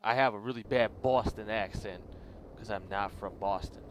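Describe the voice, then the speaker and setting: A man's voice: fairly low pitch, normal speed, slight background noise. A man hosting a gaming channel, giving casual, rambling gameplay commentary and laughing a lot.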